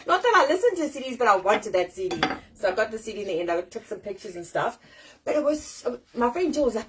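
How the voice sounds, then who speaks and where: Fast-talking South African woman, swearing freely. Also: fairly high pitch, a little hiss or hum, low-quality recording. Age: 40s. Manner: chatty, swears freely, animated and self-deprecating. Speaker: host. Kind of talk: casual live-stream chat. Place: at home. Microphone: phone or webcam on a live stream.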